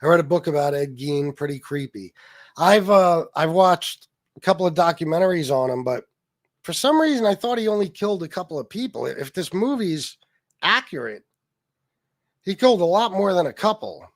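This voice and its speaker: A man's voice: a little high, lively intonation, normal speed, no echo, studio quality. A man hosting a casual political livestream, reading chat comments aloud and answering them in a profane, mocking, sarcastic way. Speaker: livestream host.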